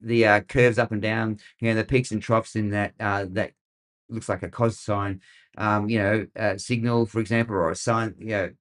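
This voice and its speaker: A man's voice: fairly low pitch, little pitch movement, moderate pace, fairly bright tone. A middle-aged Australian man hosting a weather show, rambling and sarcastic with lots of fillers. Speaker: weather podcast host. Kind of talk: casual commentary.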